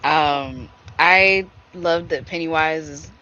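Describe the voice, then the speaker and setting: A woman's voice: sits low, slow pace, bright, forceful tone, highs cut off. A woman who is a guest in a casual chat, talking expressively and laughing often.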